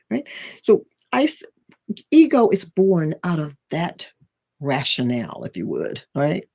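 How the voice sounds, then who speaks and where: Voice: mid-range voice, huge pitch swings, slow, gravelly, darkish tone, husky. A spiritual and life coach explaining ideas in a casual, rambling way, with frequent restarts and tag questions. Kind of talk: casual teaching talk.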